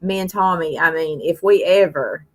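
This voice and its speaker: A woman's voice: fairly low pitch, moderate pace, noisy background. A middle-aged woman hosting a live stream, telling a rambling, folksy story full of "uh" and "you know". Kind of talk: casual storytelling chat.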